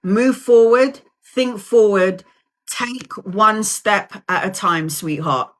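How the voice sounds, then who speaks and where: A woman's voice: medium pitch, takes it slowly. A woman in her forties giving live tarot readings, soothing and direct, calling listeners sweetheart and honey. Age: 40s. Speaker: tarot reader.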